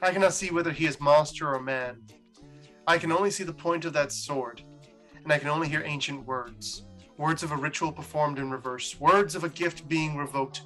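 A solemn dying angel woman speaks a grave last prayer in a slow, hushed reading, as a man reads her lines. The voice stays bright, with soft music behind it. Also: on the high side.

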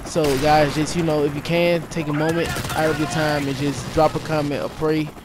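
A man telling a story to his viewers in a casual vlog, animated and rambling, repeating himself and tossing in "yo". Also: a little high, normal speed. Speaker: YouTuber. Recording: noisy with game gunfire behind.

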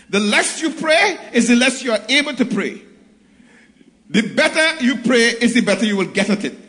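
High-voiced preacher in an echoey church. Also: male voice, a bit bright. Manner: preaching with scripture readings, rising and calling out to the congregation. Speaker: pastor. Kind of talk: sermon.

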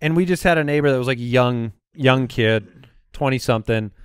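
A man's voice: mid-range voice, moderate pace, clear, resonant tone, dry recording, clean studio sound. A man in his thirties co-hosting a comedy podcast, telling stories in casual chat with jokey asides. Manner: animated storyteller, jokey asides.

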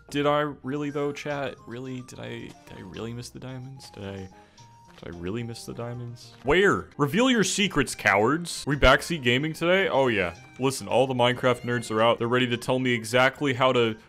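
A man streaming a game, talking casually to chat, excitable, jokey and swearing, with faint music behind him. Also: mid-range voice, moderate pace. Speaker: gaming streamer. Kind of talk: casual gameplay commentary to chat.

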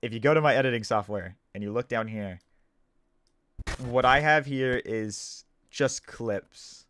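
A man's voice: mid-range voice, unhurried, a bit bright, clean tone. A man, just woken up, explaining himself in a casual video commentary, defensive and stumbling, repeating and restarting his sentences. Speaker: gaming YouTuber.

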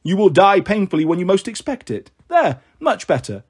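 A man's voice: sits high, sing-song, moderate pace, husky, heavily acted. A man doing a sneering goddess of revenge. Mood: scornful. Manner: sneering, cackling, scornful. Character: scornful goddess of revenge, woman, sour and sneering.

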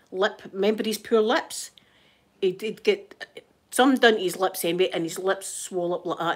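A Scottish woman telling a story in casual chat, gossipy and animated, often checking in with her listener. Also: mid-range voice. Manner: laughs often while telling. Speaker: channel host.

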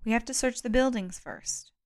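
A woman's voice: a little high, big pitch swings, moderate pace, pitched above the performer's own voice. A woman voicing a stubborn, methodical man who insists on continuing a search, read from an audiobook. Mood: insistent. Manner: insistent, commanding.

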